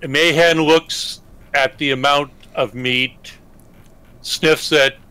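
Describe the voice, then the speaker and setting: A man narrating his character's actions in a tabletop game, in an expressive way. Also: a little high, slow pace, clear, resonant tone. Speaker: player voicing a character.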